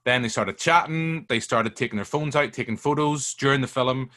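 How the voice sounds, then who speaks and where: A man, telling stories as a guest in a casual film chat, animated and sweary. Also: medium pitch, moderate pace.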